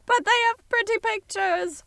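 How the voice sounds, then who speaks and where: A woman's voice: very high-pitched, moderate pace, gravelly. A woman on a comedy panel, improvising in a meek, sheepish way. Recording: distant mic with loud room noise.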